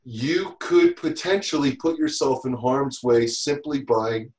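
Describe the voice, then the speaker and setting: A man chatting as a podcast guest, telling lively stories and acting out what others said. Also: mid-range voice, a little slow, roomy sound, slight background noise, low-quality recording. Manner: animated storyteller, acts out quotes. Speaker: guest, safety instructor. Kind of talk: casual podcast chat.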